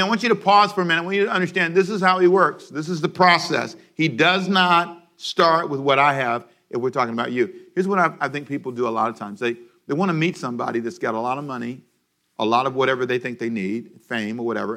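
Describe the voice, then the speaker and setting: Bright-voiced preacher calling for responses. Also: male voice, mid-range voice, fast. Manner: animated, calls the congregation to repeat after him. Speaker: pastor. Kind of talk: radio sermon.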